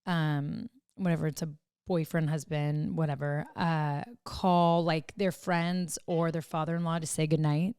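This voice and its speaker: An enthusiastic woman co-host retells funny clips and acts out the quoted lines. Her voice sits somewhat low for a woman. The recording is dry and close, with no room echo. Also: a little mellow, smooth. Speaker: podcast co-host. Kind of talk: casual chat.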